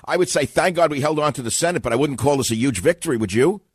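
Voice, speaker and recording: A man's voice: on the high side, quick pace, husky, no echo. A man from New York hosting a combative talk radio show, blunt and sarcastic with his callers. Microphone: studio microphone.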